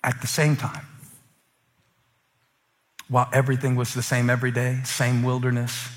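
A middle-aged man preaching a sermon in an animated way, acting out voices and swinging from loud outbursts to hushed lines. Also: medium pitch, moderate pace, in a large hall. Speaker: pastor.

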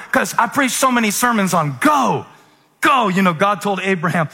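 A man preaching a sermon with great passion, swinging from near-shouts down to hushed, quiet lines. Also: sits high, big pitch swings, moderate pace, slightly rough. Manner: impassioned, rising to near-shouts and dropping to hushed asides. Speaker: pastor. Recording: long hall reverb.

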